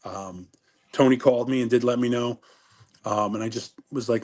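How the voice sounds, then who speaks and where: A man's voice: mid-range voice, steady tone, normal speed, darkish tone. A middle-aged man chats casually as an interview guest. He rambles through his stories, doubling back and breaking off his own sentences. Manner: rambling, self-interrupting storyteller. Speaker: interview guest, former wrestler.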